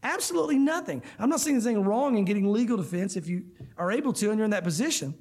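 Husky high-voiced man preaching earnestly. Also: lively intonation, very fast, a little mellow. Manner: earnest, emphatic, addresses listeners as guys. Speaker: pastor. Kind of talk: sermon. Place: church room.

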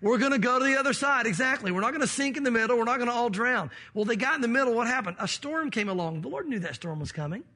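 Husky high-voiced male preacher. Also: expressive, quick pace, few pauses, pushed and bright. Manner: preaching, acts out quoted voices. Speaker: pastor. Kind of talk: sermon.

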